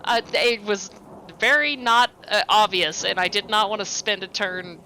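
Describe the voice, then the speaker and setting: A woman's voice: mid-range voice, moderate pace, bright, forceful tone, rough recording. A woman playing an online tabletop game, chatty and laughing between lines. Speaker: player.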